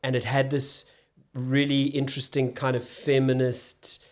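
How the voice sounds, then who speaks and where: A South African man, an actor and comedian, talking as a podcast guest in a thoughtful, halting way, often restarting his sentences. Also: mid-range voice, flat delivery. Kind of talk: casual podcast conversation.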